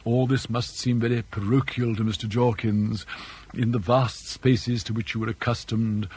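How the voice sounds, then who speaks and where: A man's voice: mid-range voice, level tone, darkish tone, a little hiss or hum, close to an everyday voice. A man voicing an elderly English father who is dry, mischievous and mock-courteous, with an arch, ironic manner. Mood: teasing. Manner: arch, ironic, drawn-out emphasis.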